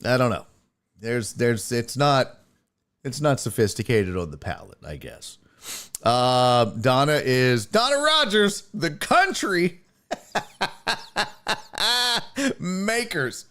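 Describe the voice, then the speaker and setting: Excitable, animated streamer. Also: male voice, fairly high pitch, slow, pauses often, clear, resonant tone. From Houston, Texas. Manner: excitable, swears freely, lots of fillers. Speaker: sports show host. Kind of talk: casual livestream chat reading the chat.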